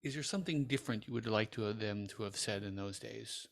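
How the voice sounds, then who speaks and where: A man, a pastor hosting a podcast, asking gentle, brief questions of his guest. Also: on the low side, fast talker, vocal fry. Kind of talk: interview questions.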